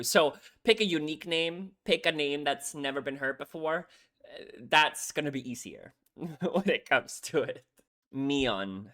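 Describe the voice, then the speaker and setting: A young man reacting to music from home at a desk mic, sincere and openly emotional about the lyrics. His voice is bright and forward, and he keeps checking in with listeners with a quick "right?". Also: fairly high pitch, lively intonation. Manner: earnest, emotional, says "right?" often. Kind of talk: casual reaction commentary.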